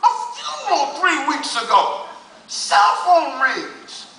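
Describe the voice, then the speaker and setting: An older man doing stand-up comedy on a casino stage, with loud punchy delivery and shouted punchlines. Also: very high-pitched, wildly swooping pitch, slow. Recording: echoey audience recording from far off. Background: faint crowd laughter.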